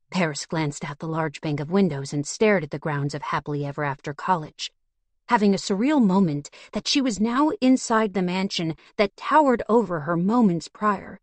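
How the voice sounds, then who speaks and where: A woman narrating a fantasy audiobook in a steady storytelling manner. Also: fairly low pitch, normal speed, no room sound. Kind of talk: scripted narration.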